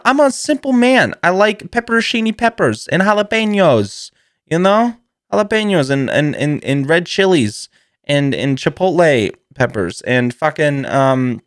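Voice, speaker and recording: A man's voice: medium pitch, no echo, clean studio sound. A man hosting a podcast, telling a comedic story in a rambling way, swearing freely and laughing often. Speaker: podcast host.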